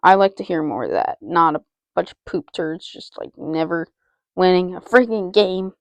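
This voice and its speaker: An excitable woman calls her own football video game as she plays, chanting player names and muttering to herself between plays. Her voice carries a gravelly fry, and the recording is close and dry, with no room around it. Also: fairly low pitch, normal speed, no room sound, highs cut off. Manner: excitable, repeats player names, talks to self. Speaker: gaming channel host. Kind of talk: live video game commentary.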